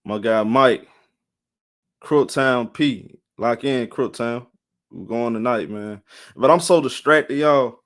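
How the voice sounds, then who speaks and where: Tired live-stream sports host, rambling. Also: male voice, mid-range voice, takes it slowly. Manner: rambling, repeats himself, greets chat viewers by name.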